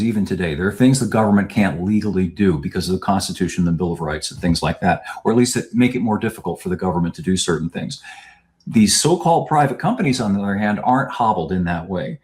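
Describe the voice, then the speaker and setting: A man speaking as a podcast guest, laying out his points in a measured, explanatory way. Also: sits low. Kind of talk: podcast interview.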